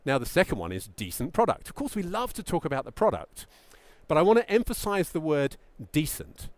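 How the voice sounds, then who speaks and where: A middle-aged man giving a presentation to founders as a pitch coach, emphatic and lively, sometimes acting out what a founder might say. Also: brisk, dry recording. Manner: animated, emphatic, acts out mock founder quotes.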